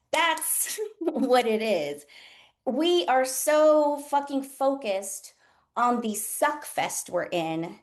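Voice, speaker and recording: High-voiced woman giving a frank pep talk. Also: a little mellow. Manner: frank, swears freely, emotional and earnest; talks to listeners as y'all. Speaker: nurse coach and host. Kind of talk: candid motivational talk with a group.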